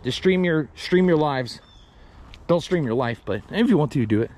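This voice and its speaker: A man's voice: on the high side, animated, normal speed, darkish tone, a little hiss or hum. Chatty joking man on a trail. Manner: joking, chatty, talks to viewers nonstop. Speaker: paranormal explorer vlogger. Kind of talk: rambling solo commentary. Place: outdoor wooded trail.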